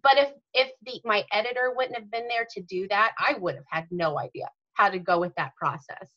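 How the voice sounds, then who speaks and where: A woman's voice: medium pitch, a little fast, fairly bright tone. A woman author and mother answering interview questions, explaining things earnestly and in detail. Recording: dull lo-fi audio.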